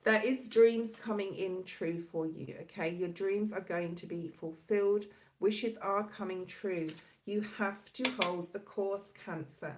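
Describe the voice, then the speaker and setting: A woman's voice: mid-range voice, measured pace, slight background noise, low-quality recording. A woman giving a casual tarot reading to camera, rambling and reassuring, checking in often with the viewer. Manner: rambling, reassuring, filler-heavy with frequent "okay?". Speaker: tarot reader.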